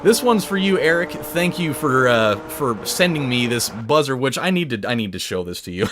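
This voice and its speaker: A man's medium-pitched voice swings widely in pitch at a normal speed. Hosting a let's play, he tells a rambling, crude, joking story over gameplay, with video game music behind him.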